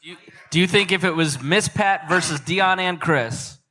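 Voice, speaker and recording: A man's voice: high voice, bright, forceful tone. A man co-hosting a podcast live on stage, bantering casually and laughing often. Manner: giggly, quick to laugh. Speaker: podcast co-host.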